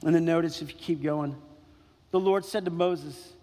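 A pastor with a fairly high, mellow voice preaches a sermon in a church sanctuary at a normal pace and with fairly even intonation. He is emphatic, repeating key phrases and putting questions to the congregation. The recording carries the long reverb of a large hall.

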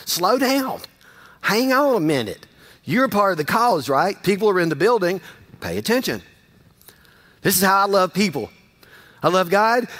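High-voiced pastor preaching folksy. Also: male voice, fairly bright tone. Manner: folksy, conversational, repeats phrases for emphasis. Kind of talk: sermon.

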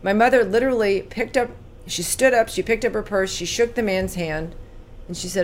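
A woman in her sixties from California, telling her life story as an interview guest, earnest and animated when recounting, quiet at painful moments. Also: mid-range voice, a little fast, a little hiss or hum.

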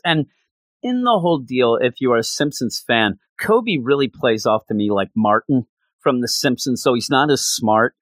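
Animated man recapping an episode. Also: mid-range voice, no echo. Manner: animated storytelling with acted-out quotes. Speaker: anime reviewer.

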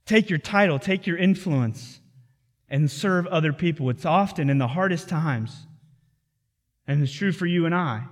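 A man preaching a sermon as pastor, animated, acting out biblical dialogue and swinging from loud passages to hushed ones. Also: a little high, unhurried, long reverb tail.

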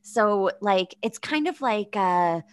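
A woman's voice: mid-range voice, expressive, takes it slowly, clean tone. A woman hosting a podcast, chatting casually in a blunt, crude way and laughing often. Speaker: podcast host. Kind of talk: casual chat.

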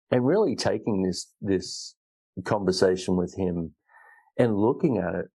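A man's voice: low-pitched, creaky, mellow, husky, poor audio. A man hosting a solo self-help podcast, talking in an earnest, rambling way with frequent restarts. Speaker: podcast host. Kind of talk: reflective solo podcast talk.

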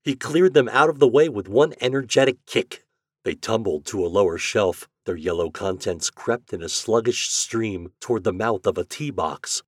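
A man narrating an old holiday story aloud in an expressive, lively manner. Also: fairly low pitch, normal speed, dry recording, clean studio sound. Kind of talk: storybook reading.

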